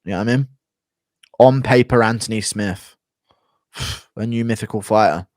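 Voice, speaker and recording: Sarcastic male streamer, mid pitch, dry close mic. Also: normal speed, a little mellow, no echo. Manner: blunt, sarcastic. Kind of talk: casual stream commentary.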